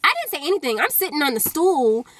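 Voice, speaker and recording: A woman from Alabama telling a personal story on her vlog, animated and full of filler words. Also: high-pitched, fast, no room sound. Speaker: vlogger.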